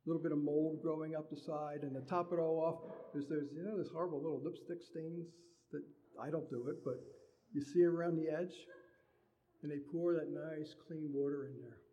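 A man's voice: a little high, steady tone, fairly quick, warm tone, highs cut off, slight background noise. A man preaching a sermon in a conversational way, acting out everyday dialogue. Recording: long hall reverb.

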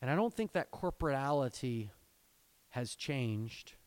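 Speaking expressively and without hurry, a male pastor reads scripture aloud in his sermon and explains it earnestly. His exhortations, aimed directly at parents, rise into fervent pleading and then fall low.

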